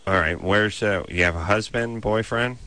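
A man hosting a call-in radio show, joking and riffing, firing quick questions at a caller. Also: on the low side, pushed and bright. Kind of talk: casual call-in radio banter.

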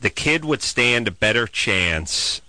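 A man's voice: mid-range voice, sing-song, takes it slowly, pushed and bright, no echo, poor audio. A man hosting a call-in radio show, joking and rambling with fillers into a studio microphone. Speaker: radio talk show host.

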